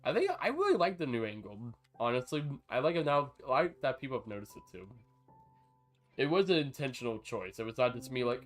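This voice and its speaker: Chatty male streamer, rambling and excitable. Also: medium pitch, a little fast, soft background music. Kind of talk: casual live-stream chat while gaming.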